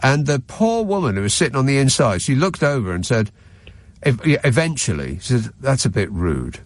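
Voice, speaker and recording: A man's voice: medium pitch, a little fast, no room sound. A man co-hosting a chat show, telling a wry anecdote with a cold. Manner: wry anecdotal storyteller, animated. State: has a cold. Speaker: radio show co-host. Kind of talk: casual chat, storytelling.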